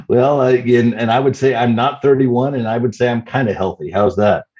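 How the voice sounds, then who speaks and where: A man in his fifties, a startup CEO answering interview questions in a measured way with many "you know" fillers. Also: medium pitch, darkish tone, dull audio. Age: 50s.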